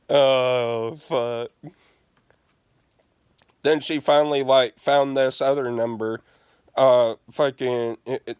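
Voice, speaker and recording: A man's voice: mid-range voice, a little mellow, smooth, dry recording. A man telling a prank story as a gaming streamer, swearing and laughing often. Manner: profane, laughing, restarts often. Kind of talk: casual storytelling rant.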